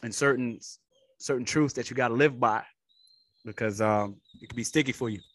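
A man co-hosting a casual faith podcast, backing up his partner with quick interjections of agreement. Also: medium pitch, fairly bright tone. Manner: affirming interjections, calls out "facts". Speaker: podcast co-host.

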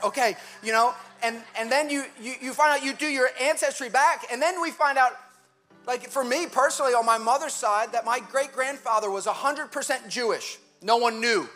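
A male pastor giving a conversational, animated sermon in a church, with quick asides and laughter. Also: very high-pitched, soft background music.

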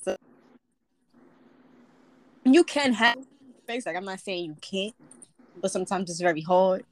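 A woman's voice: medium pitch, lively intonation, measured pace, poor audio. A young woman with a New York accent, chatting casually in heavy slang and swearing freely as she tells stories. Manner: slangy, swears freely, says "you feel me". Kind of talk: casual chat.

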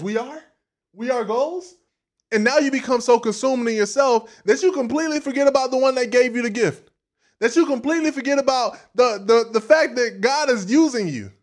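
A man with a high voice and delivers a sermon with big swings in volume and emphasis. He drops to near-whispers for asides, then punches key lines hard. He also acts out other people's voices as he preaches. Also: fairly quick. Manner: animated preaching, dramatic swings between soft and loud.

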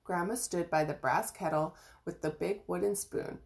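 Woman storybook reader, lowish pitch with gravelly fry, calm and steady read-aloud pace. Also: moderate pace. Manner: gentle, even reading with small slips and restarts. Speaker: reader of an audiobook chapter.

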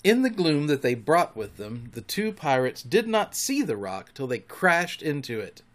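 A man reading a storybook aloud in an expressive, dramatic way. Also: a little high, moderate pace. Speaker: narrator.

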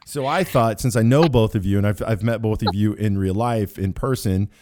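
A fairly low-pitched man in his forties leads a loose, joking podcast chat. He rambles and restarts his sentences as he talks with guests on a call. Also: normal speed, darkish tone. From Kansas. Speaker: podcast host.

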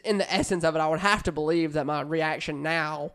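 A man's voice: a little high, fairly quick, a bit bright, clean tone. A man telling a rambling childhood story in casual podcast chat, swearing and laughing often. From United States. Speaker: podcast co-host.

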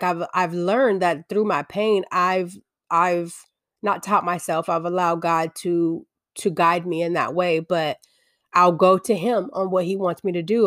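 A woman's voice: on the low side, fairly bright tone, dry recording, clean studio sound. A woman giving an earnest, confessional faith-based talk, often restarting her sentences.

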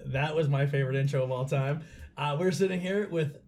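A man's voice: a little high, a little fast, a little mellow, a little hiss or hum. A man from Pennsylvania hosting a casual podcast interview, laughing often and swearing freely as he chats. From Schuylkill County, Pennsylvania. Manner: laughs often, loose and profane. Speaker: podcast host.

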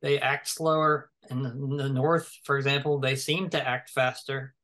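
A man's voice: mid-range voice, level tone, moderate pace, bright, forceful tone. A man from the American South, a guest in a casual conversation, rambling and thinking aloud with many fillers and restarts.

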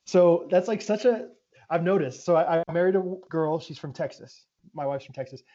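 A man in easygoing, animated casual conversation. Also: on the high side, normal speed. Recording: slightly dull sound.

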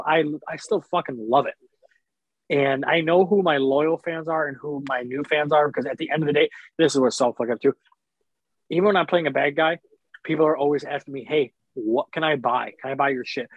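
A man's voice: fairly high pitch, no echo. A man with a slightly raised voice tells wrestling stories in a loose, rambling way, swearing freely and breaking off to apologize. The sound is dull and lo-fi, and the room is dry and close. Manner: rambling, profane, apologetic storytelling. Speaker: professional wrestler, guest. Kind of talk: casual podcast chat.

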